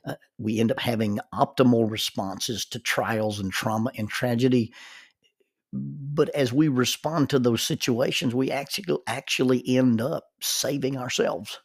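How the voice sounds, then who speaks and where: An older man, a grandfather, telling a reflective story with halting starts and repeated words. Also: mid-range voice, slightly rough. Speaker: grandfather telling life-lesson stories.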